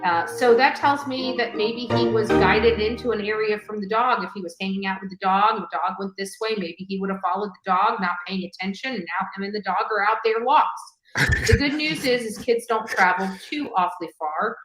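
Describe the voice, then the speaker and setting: A woman hosting a true-crime video, rambling with halting fillers and restarts. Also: medium pitch, fairly bright tone, reverberant, faint music behind, rough recording. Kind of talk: rambling livestream commentary.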